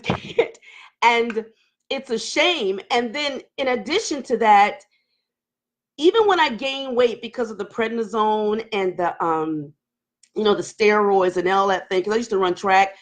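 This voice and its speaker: A woman in her forties hosts a frank live-stream conversation, her fairly high voice swinging between nervous laughter and heavy pauses. She talks openly and emotionally, straight to her listeners. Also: a bit bright. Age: 40s. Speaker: host. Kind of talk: candid live-stream talk.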